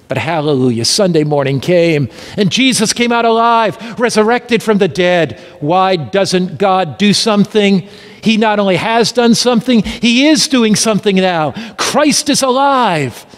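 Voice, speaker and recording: A man preaching an evangelistic sermon, emphatic and full of rhetorical questions, dropping to a hush and then rising again. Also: sits high. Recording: reverberant hall.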